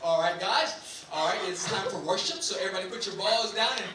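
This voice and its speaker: A man's voice: high-pitched, fast, heavy background noise, voice pushed down, close to an everyday voice. Man putting on a drawling camp pastor. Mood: casual. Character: laid-back male camp pastor calling worship. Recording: roomy, distant live venue mic, loud crowd.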